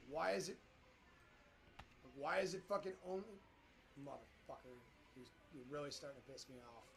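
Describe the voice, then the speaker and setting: A male live streamer narrates his own work, swearing and grumbling at the program as it misbehaves. His voice sits a little high and has a gravelly edge. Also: fairly bright tone, a little hiss or hum. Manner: profane, frustrated, talks at the program. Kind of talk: live-stream commentary while working in software.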